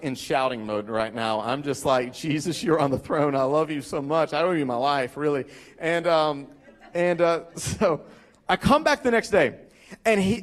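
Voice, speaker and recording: High-voiced pastor preaching animatedly. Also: male voice. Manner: animated, acts out quoted voices, repeats for emphasis. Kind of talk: sermon with storytelling.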